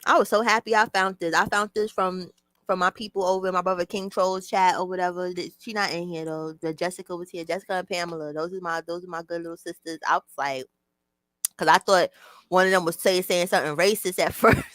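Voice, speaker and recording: Chatty woman streamer, bright tone, laughs a lot, dry close sound. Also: on the low side, fairly even intonation, fast, no room sound. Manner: chatty, laughs often, talks to chat. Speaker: livestream host. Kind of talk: casual livestream chat.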